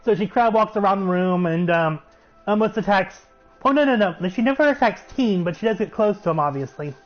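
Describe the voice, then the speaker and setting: High-voiced man chatting excitably. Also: fairly quick. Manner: chatty, excitable, laughs while retelling. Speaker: show reviewer. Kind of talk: casual episode recap. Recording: muffled recording with faint music.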